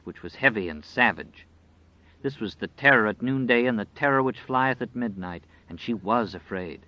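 A man narrating an audiobook in a measured, dramatic storytelling manner. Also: medium pitch, pushed and bright, no echo. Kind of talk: scripted narration. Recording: dry, slightly dull recording.

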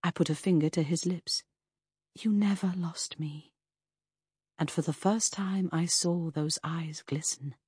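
Low-voiced woman narrating an audiobook. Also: moderate pace, few pauses, breathy edge, dry recording, clean studio sound. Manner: expressive, lively storytelling that shifts into character voices. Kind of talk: scripted first-person audiobook narration.

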